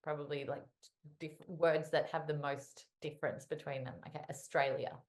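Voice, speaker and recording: A woman hosting a podcast interview, enthusiastic and quick to laugh as she asks questions. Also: sits low, level tone. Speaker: podcast host. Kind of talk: casual interview chat.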